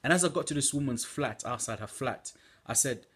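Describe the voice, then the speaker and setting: A man's voice: medium pitch, lively intonation, fairly quick, fairly bright tone, husky. A young man giving an earnest preaching testimony from home at night, exhorting listeners with fillers. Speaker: church member giving a testimony.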